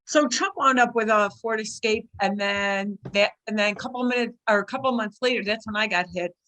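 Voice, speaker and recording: Bright-voiced woman telling a story. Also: moderate pace. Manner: animated, acts out her own past lines in a shrill cry. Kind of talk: casual storytelling.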